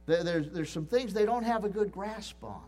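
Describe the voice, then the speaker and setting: A man's voice: sits high, moderate pace, a little mellow. A middle-aged man preaching a sermon, earnest and emphatic, often restarting phrases and repeating key points. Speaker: pastor.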